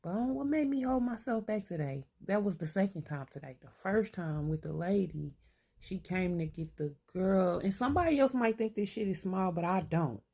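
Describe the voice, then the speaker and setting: An older woman talking candidly to camera, thinking out loud to herself. She is blunt and streetwise and swears freely. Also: mid-range voice, lively intonation, moderate pace, husky. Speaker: vlogger. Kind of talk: candid self-reflective monologue.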